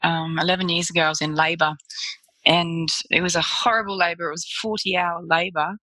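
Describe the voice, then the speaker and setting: A woman's voice: fairly low pitch, steady tone, a little fast, sharp tone, no room sound, poor audio. An Australian woman, a photographer, chatting as an interview guest and telling stories with frequent laughter. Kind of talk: casual storytelling interview.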